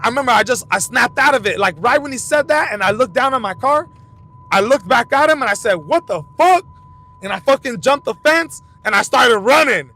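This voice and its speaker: Bright-voiced man rambling from his car. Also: creaky. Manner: rambling storytelling, loose and profane, frequent restarts. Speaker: fight commentary channel host. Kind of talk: casual talk while driving. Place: in a car while driving. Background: vehicle rumble.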